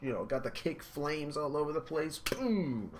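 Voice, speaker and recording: A man hosting a casual reaction video, describing comic panels with excitement and shouted sound effects. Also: fairly high pitch, normal speed, slight background noise. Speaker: manga reaction video host.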